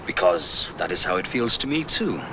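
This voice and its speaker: A smooth French gentleman, animated and courteous; sitcom studio with audience noise. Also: sits low, normal speed. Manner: suave, courteous. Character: charming handsome French man, middle-aged. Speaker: visiting family friend. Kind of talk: sitcom acting.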